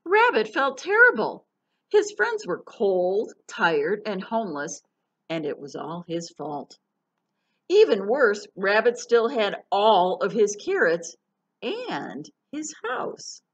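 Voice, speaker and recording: Animated storytime librarian woman. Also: medium pitch, slow, lo-fi sound. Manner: animated and sing-song, asks children questions. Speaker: children's librarian. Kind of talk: storytime read-aloud.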